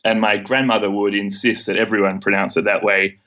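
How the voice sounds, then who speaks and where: A man's voice: fairly low pitch, little pitch movement, fairly quick, a bit bright. A man in his twenties with an Australian accent, answering interview questions confidently, with frequent ums. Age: 20s. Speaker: guest, student debater.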